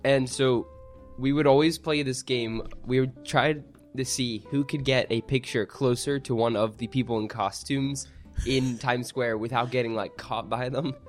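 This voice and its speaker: Relaxed young man recounting a story. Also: mid-range voice, normal speed, faint music behind. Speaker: podcast co-host. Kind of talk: casual chat.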